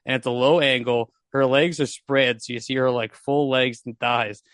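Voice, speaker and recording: Sex: man. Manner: animated film buff, laughs often. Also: mid-range voice, normal speed, no echo, studio quality. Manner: animated, laughs often, points out shots and effects. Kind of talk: casual film discussion.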